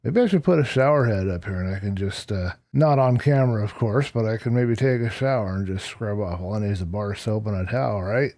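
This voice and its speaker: Guy chatting thru his game, low voice, dry close mic, kinda rambly, bit of a cough. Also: a little fast, few pauses, a little mellow, no echo. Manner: chatty, rambling, self-deprecating. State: slight cough. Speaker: Minecraft let's-play host. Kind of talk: casual gameplay commentary.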